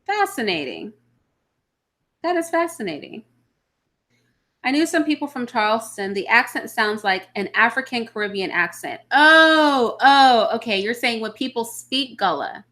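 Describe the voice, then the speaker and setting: Woman, bright sharp voice, fairly high pitch, blunt casual live chat, opinionated. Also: very animated, measured pace. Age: adult mother of children. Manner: blunt, opinionated, reads and answers viewer comments. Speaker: livestream host answering chat.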